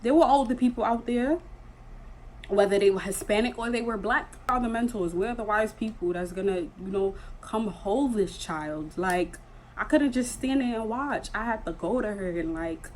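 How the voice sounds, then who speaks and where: A woman's voice: mid-range voice, a little mellow, a little hiss or hum, low-quality recording. A young woman vlogging, casually and earnestly telling a story and repeating phrases for emphasis.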